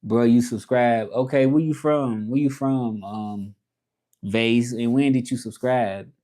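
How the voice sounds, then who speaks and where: A man's voice: medium pitch, steady tone, slow, warm tone. A man hosting a casual livestream, rambling with restarts and reading chat comments aloud. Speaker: livestream host. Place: home, livestreaming from Mexico.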